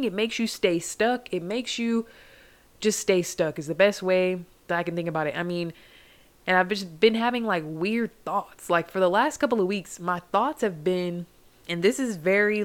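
Candid young woman, slightly low voice. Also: fairly bright tone, clean tone. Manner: rambling, heartfelt, heavy use of "like" and "you guys". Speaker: podcast host. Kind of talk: candid solo podcast monologue.

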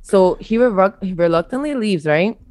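A young woman telling a story in casual podcast chat, blunt and animated, swearing freely. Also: mid-range voice, moderate pace, no room sound. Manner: blunt, profane, animated retelling. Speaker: podcast co-host.

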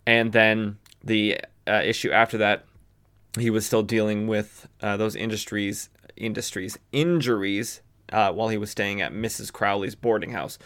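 A podcast host from the western United States casually recaps a comic book, his speech full of fillers and self-corrections. He has a fairly low-pitched voice with a fairly bright tone.

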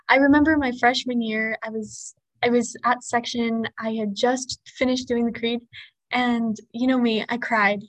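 A woman's voice: fairly high pitch, no room sound, poor audio. A teenage girl, a student officer co-hosting a podcast, telling a personal story and acting out the lines of each person in it. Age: teens. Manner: storytelling, lively retelling of quoted exchanges. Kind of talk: casual podcast chat.

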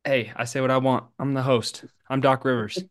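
A man's voice: mid-range voice, fairly even intonation, dry recording, studio quality. A young man who is the interim host of a podcast, teasing his guest in a playful way and drawing out his words. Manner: playful, teasing, drawn-out delivery. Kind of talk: casual podcast hosting.

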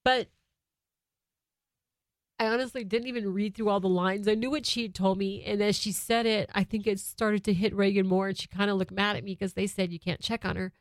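A woman's voice: medium pitch, steady tone, brisk, dry recording, studio quality. Heartfelt woman telling a family story. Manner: heartfelt, emotional, conversational. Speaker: mother sharing a family story. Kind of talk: personal storytelling monologue. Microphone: microphone, close.

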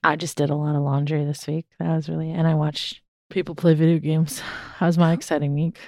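Low-voiced woman with dry humor. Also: little pitch movement, fairly quick, dark tone, no echo. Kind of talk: casual chat.

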